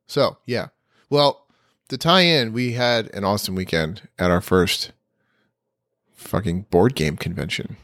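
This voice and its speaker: A man's voice: fairly low pitch, measured pace, long pauses, a bit bright, no echo. Rambling man chatting in a dry room. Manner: rambling, restarts mid-sentence, playful. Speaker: podcast co-host. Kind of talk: casual chat.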